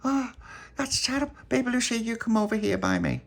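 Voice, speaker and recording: A gentle, motherly little girl, voiced by a man, speaking softly in a very high, thin voice. There is a faint gravelly rasp under the sweetness. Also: wildly swooping pitch, fairly quick, heavily acted. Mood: caring.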